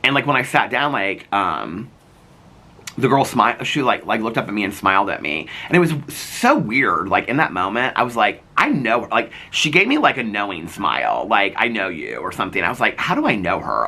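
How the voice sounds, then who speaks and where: Guy rambling thru a story on his vlog, quick and bouncy, kinda husky voice. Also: fairly low pitch. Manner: rambling, filler-heavy, excitable. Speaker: vlogger. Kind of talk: casual storytelling to camera.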